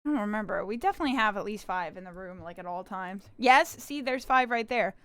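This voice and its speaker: A woman's voice: medium pitch, expressive, fast talker, fairly bright tone, clean tone, dry recording, studio quality. A giggly, bubbly young woman from Canada, chatting casually with her viewers on a livestream.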